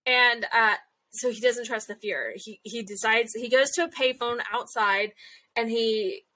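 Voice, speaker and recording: Bright, lively woman recapping a show. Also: a little high, a little slow. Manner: animated retelling, acting out character lines. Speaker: podcast co-host. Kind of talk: casual episode recap.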